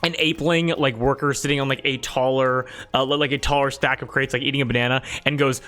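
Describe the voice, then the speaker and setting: A man's voice: medium pitch, fairly even intonation, quick pace, a bit bright, soft background music. A man narrating a tabletop game as game master, casual and rambling, with lots of fillers.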